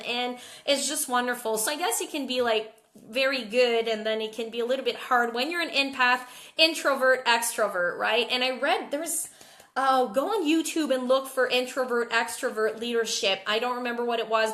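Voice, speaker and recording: A jet-lagged woman chats on a live stream, candid and unscripted, stumbling and repeating small words as she goes. Her voice sits a little high and sounds bright and forceful. The room around her rings with echo. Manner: casual, candid, repeats words while thinking. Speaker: network marketing team leader. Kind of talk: live video Q&A.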